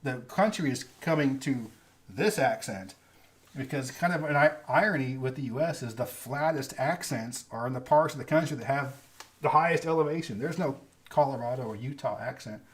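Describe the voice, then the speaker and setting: A man's voice: medium pitch, fairly quick. A man from California with a Californian accent, hosting a casual livestream and answering viewer questions in a rambling, chatty way with small laughs. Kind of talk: casual live-stream chat.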